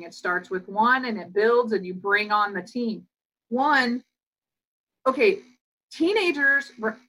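A woman speaking as a guest psychologist on a podcast interview, explaining in an animated, flowing way and acting out quoted voices. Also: fairly high pitch, poor audio.

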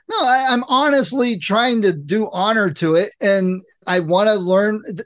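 A man's voice: sits high, unhurried, few pauses, fairly bright tone. A man co-hosting a podcast, chatting casually in an earnest, rambling way and often breaking off to restart. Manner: earnest, rambling, self-interrupting. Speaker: podcast co-host. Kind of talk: casual chat.

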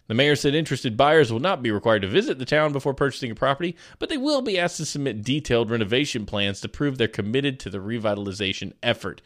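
A man's voice: mid-range voice, fast talker, few pauses. Guy on a podcast, chatty, laughs a lot, voice goes up and down a ton. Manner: laughs often, animated storytelling. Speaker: podcast co-host. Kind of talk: casual chat, reading news aloud.

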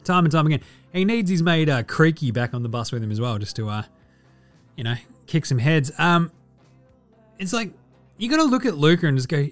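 Aussie bloke ranting about basketball, swears heaps, voice jumps all over, a bit of music under it. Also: male voice, a little high, normal speed. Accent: Australian. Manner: swears a lot, sarcastic and animated. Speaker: podcast host. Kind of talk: casual sports chat.

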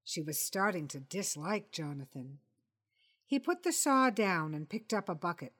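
Woman narrating a story, measured and wry. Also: on the low side, animated, fairly bright tone. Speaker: podcast host reading a story.

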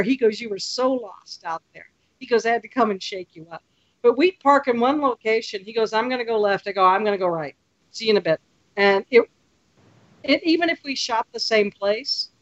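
Woman on a podcast telling travel stories, acts out the quotes, kinda muffled sound. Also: on the high side. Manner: lively storyteller, acts out quotes. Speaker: podcast guest, photography tour leader. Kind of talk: casual podcast chat.

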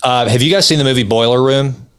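A middle-aged man co-hosting a casual podcast, telling personal stories and film scenes with lively energy. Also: medium pitch, fast talker, smooth. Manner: animated storyteller. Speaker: podcast co-host.

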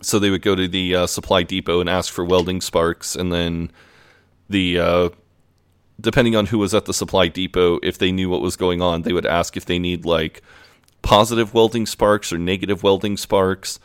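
A man with a very deep voice chats casually as a podcast co-host, retelling scenes in a loose, filler-heavy way. The sound is dry and close, with no room echo. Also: fairly even intonation, normal speed, clean tone. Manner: easygoing, loose speech full of "like" and "you know". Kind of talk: casual episode recap and review.

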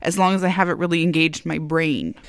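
A woman's voice: sits low, fairly even intonation, brisk, clean tone, dry recording, clean studio sound. A woman chatting casually, explaining things at length and laughing easily. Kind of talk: casual chat.

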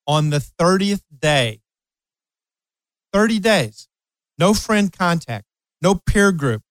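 A man's voice: high-pitched, expressive, takes it slowly, no echo, low-quality recording. A man in his late sixties hosting an advice show, talking emphatically to parents and repeating key phrases. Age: 60s. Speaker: radio show host and coach. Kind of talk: advice talk with personal anecdote.

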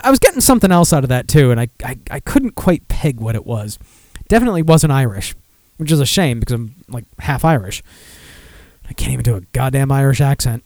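A man's voice: a little high, a little mellow, no room sound. A man hosting a podcast, chatting casually and reading news in a profane, rambling, self-mocking way. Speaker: podcast host.

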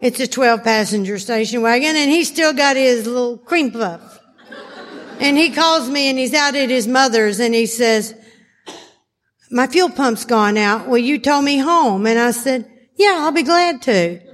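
Woman workshop speaker, high voice, animated laughing storyteller, reverberant hall. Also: measured pace. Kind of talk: storytelling talk to a live audience. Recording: hall reverb, faint noise.

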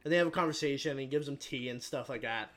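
A man's voice: medium pitch, a bit bright. A man casually retelling a film plot in a rambling, profane way, briefly voicing the characters as he goes. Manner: rambling, profane, quick quoted voices for characters.

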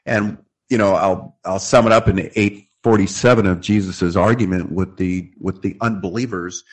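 A man's voice: sits low, steady tone, normal speed. A man earnestly explaining scripture in a theological discussion, quoting verses as he goes.

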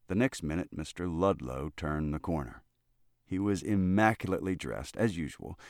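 Male narrator reading a classic short story, very low voice, dry close sound. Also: dry recording. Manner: steady, measured storytelling. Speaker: audiobook narrator.

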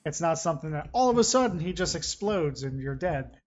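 A man's voice: on the high side, fairly quick, highs cut off, a little hiss or hum. A man co-hosting a gaming podcast, chatting casually and rambling with some swearing. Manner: rambling, profane, excitable. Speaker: podcast co-host. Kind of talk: casual chat.

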